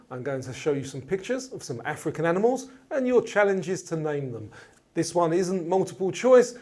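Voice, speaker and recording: A man hosting a scripted quiz show, reading out questions and answer choices in a clear, measured way. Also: sits high, a little mellow, no echo. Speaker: quiz host.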